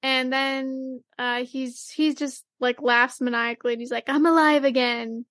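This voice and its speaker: A woman co-hosting a podcast, recapping an anime episode in casual chat, rambling with lots of fillers and quick acted-out quotes. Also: high-pitched, little pitch movement, fairly bright tone, dry recording, clean studio sound. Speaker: podcast co-host.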